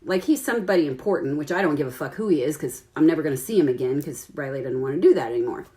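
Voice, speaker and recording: A woman in her forties tells a story to her followers over a phone live stream. Her voice swings widely in pitch and breaks into laughter often. She swears casually and jumps up high and loud whenever she quotes herself. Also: animated, very fast. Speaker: vlogger telling a story to followers.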